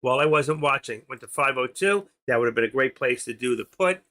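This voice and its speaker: A middle-aged man hosting a trading livestream, talking casually and fast as he walks viewers through charts and watch lists. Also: medium pitch, lively intonation, sharp tone. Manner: rambling, talks fast while clicking through charts. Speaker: stock trading livestream host. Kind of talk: casual live screen-share commentary.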